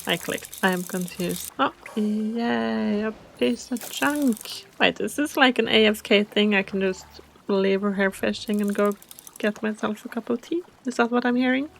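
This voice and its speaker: A woman hosting a gaming video, chatting casually and softly, often puzzled by the game. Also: mid-range voice, a little slow, creaky, a little hiss or hum. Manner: soft-spoken, chatty, easily confused. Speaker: gaming channel host.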